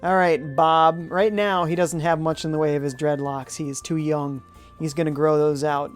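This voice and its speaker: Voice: mid-range voice, fairly even intonation, normal speed, soft background music. A game streamer giving live commentary, reading viewers' chat aloud and musing and humming while deciding things. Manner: chatty, muses aloud, hums while thinking.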